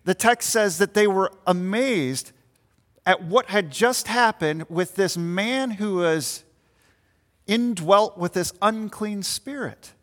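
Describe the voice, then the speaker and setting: Slow and a bit bright, the man's high-sitting voice carries through a church meeting room where he preaches to his congregation. He asks them to picture the scene as he explains, and the recording has long hall reverb.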